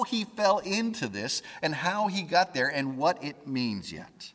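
A man giving a conversational Bible lesson, informal and halting, often stopping to restart his sentences. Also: on the high side, big pitch swings, a bit bright, big-room sound. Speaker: Bible teacher.

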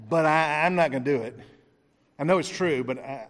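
High-voiced preacher man in a reverberant hall. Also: fast talker. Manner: storytelling with acted-out dialogue and chuckles. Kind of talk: sermon.

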